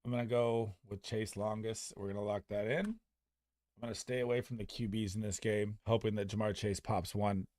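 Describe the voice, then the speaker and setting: A young man streaming fantasy football advice in a casual, excitable, profane manner. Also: on the low side, no room sound, clean studio sound. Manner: excitable, profane, talks fast and loose. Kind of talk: casual livestream chat.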